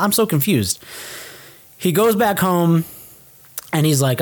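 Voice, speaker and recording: A young man co-hosting a podcast, casually recapping a film in an animated way, swearing offhand and acting out the characters' lines. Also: on the high side, moderate pace. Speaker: podcast co-host.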